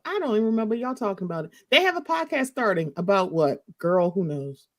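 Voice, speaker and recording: A woman's voice: medium pitch, fairly quick. A woman hosting a podcast, chatting casually and sassily about reality TV, acting out what she would say. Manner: animated, sassy, mimics voices in quotes. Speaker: podcast host. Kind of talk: casual gossip chat.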